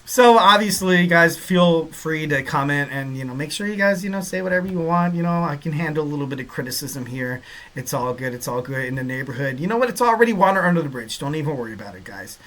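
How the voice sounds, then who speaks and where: A man's voice: on the high side, fast talker, a bit bright. Rambling, upbeat male podcast host. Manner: rambling, heavy on "you know" fillers; upbeat, jokey and self-deprecating. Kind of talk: casual podcast monologue. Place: home in Southern California.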